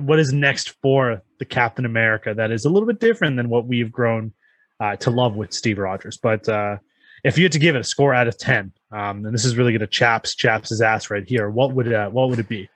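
Man, podcast host, mid pitch, laid-back, steering the chat, dry close sound. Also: brisk, no room sound. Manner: laid-back, steers the talk, hands the floor to others. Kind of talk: casual chat.

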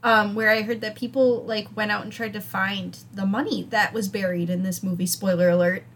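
A woman's voice: mid-range voice, steady tone, fairly quick, fairly bright tone, a little hiss or hum. A young woman with a Wisconsin accent, chatting casually as a podcast co-host, self-deprecating and talkative. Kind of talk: casual chat.

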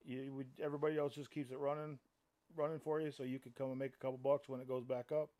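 Mellow-voiced man ranting bluntly. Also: mid-range voice, flat delivery, fast. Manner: heated, blunt, profane, repeats himself. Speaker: podcast host and trapping site owner. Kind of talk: casual podcast rant.

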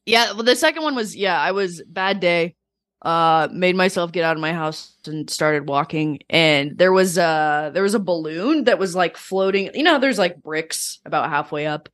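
A woman talking casually on a podcast, telling personal stories in a reflective, animated way with many fillers. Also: on the low side, moderate pace, no room sound, clean studio sound. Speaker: guest.

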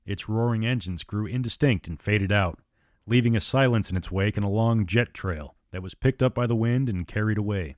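Low-voiced man narrating a suspense tale. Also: a little mellow, no echo, clean studio sound. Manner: measured, dramatic. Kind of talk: dramatic audiobook narration.

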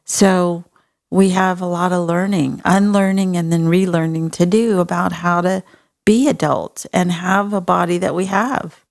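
Texan woman, host, low voice, gravelly edge, frank and folksy. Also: steady tone, measured pace. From Texas. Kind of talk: advice talk show conversation.

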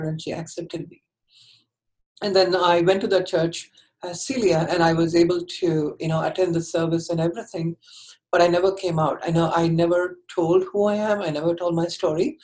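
A woman with a lower, darkish voice tells her own story to an interviewer, candid and earnest. Her sentences frequently stall and restart as she works through them, and the recording quality is low.

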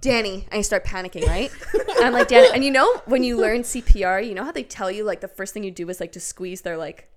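A young woman co-hosting a podcast, telling a story in lively casual chat with lots of fillers. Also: mid-range voice, fairly quick. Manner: animated storyteller, filler-heavy. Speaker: podcast co-host.

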